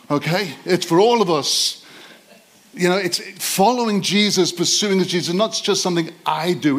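A man preaching a sermon to his church, reading scripture slowly with stressed words and quizzing the congregation. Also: on the high side, animated. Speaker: pastor. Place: church service.

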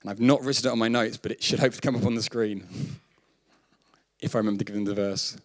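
A man from the south of England preaching a sermon, who lifts his voice high when he quotes scripture and laughs off his own slips. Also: fairly even intonation, fast talker. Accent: Southern English. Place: church hall.

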